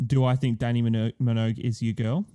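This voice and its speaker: A man's voice: medium pitch, flat delivery, fast talker, mellow, clean tone. A man co-hosting a podcast, chatting casually with dry, mock-serious banter. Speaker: podcast co-host. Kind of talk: casual chat.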